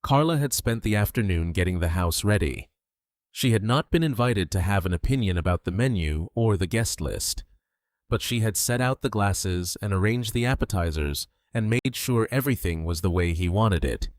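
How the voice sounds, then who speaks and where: Low, steady older male narrator. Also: moderate pace, no room sound, studio quality. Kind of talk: scripted first-person narration.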